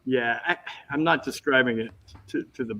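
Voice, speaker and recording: A man telling lively stories as a guest on a casual video-call chat, jumping into quick impressions. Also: mid-range voice, rough recording. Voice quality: bald. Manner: animated anecdotes with impressions.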